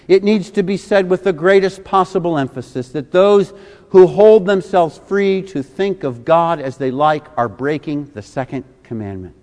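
A man in his fifties delivers a sermon with emphatic conviction, pressing his points through repeated rhetorical questions. His voice sits a little high for a man. It rings out with the long reverb of a large church hall. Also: a little mellow. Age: 50s. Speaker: pastor.

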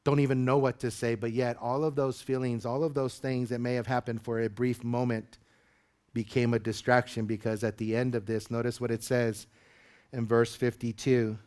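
Guy pastor giving a sermon, talks casual then climbs way up in pitch when he gets going. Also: flat delivery, moderate pace, a little mellow. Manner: conversational, building to high emphatic peaks.

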